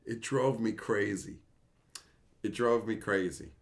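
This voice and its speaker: A man's voice: on the low side, slow. A man casually ranting on a livestream, reading chat aloud, laughing and swearing as he gets worked up.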